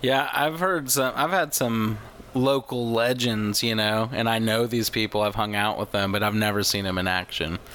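A man's voice: on the low side, fairly even intonation, normal speed, a bit bright, a little hiss or hum. Laid-back man chiming in on a podcast. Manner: short reactions and questions. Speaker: podcast co-host. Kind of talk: casual chat.

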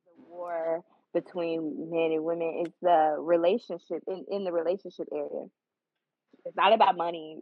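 Husky-voiced woman on a tinny line. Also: lowish voice, no echo. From Arkansas, USA. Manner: earnest, measured, hesitant with fillers and restarts. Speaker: podcast co-host. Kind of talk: casual debate. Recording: tinny phone-like dry recording.

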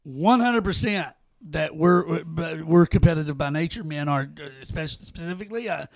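Man, high voice, gravelly, blunt sports banter, dry close sound. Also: moderate pace, dry recording. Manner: blunt, emphatic, swears. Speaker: podcast co-host. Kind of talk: casual sports chat.

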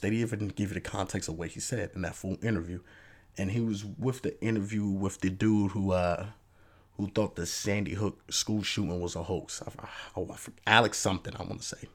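A man hosting a podcast, talking through his take in a casual, animated monologue with lots of "you know" asides. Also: brisk. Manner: animated, acts out fans' voices in a raised pitch. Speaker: podcast host.

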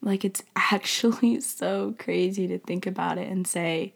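Emotional young woman with vocal fry. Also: fairly low pitch, fairly even intonation, a little slow, few pauses. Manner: emotional, drops to whispers, many "like" fillers. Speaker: faith speaker. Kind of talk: heartfelt faith talk to listeners.

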